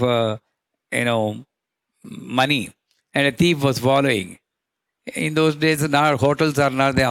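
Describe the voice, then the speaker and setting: A man teaching devotional verses, slowly drawing out chanted Sanskrit names as he explains them. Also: mid-range voice, vocal fry, a bit bright, no echo. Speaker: spiritual teacher.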